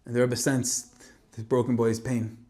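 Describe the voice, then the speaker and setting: A man delivers a Torah talk as a dramatic story. His delivery swings between forceful emphasis and quiet, hushed passages. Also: mid-range voice, flat delivery, a little slow. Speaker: speaker giving a Torah talk. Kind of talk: emotional storytelling sermon.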